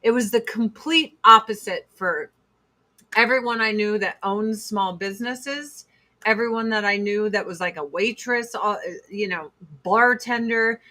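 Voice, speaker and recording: A woman's voice: mid-range voice, measured pace, pushed and bright. A woman in her forties hosting a casual livestream, ranting bluntly with profanity and mocking put-on quotes. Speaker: livestream host.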